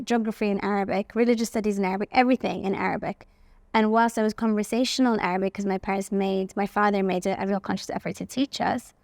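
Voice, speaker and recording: Woman guest, gravelly tone, animated personal anecdotes, dry sound. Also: mid-range voice, dry recording. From England. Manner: animated, acts out quoted voices, frequent "like". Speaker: guest, facial aesthetics practitioner. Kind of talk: personal storytelling interview.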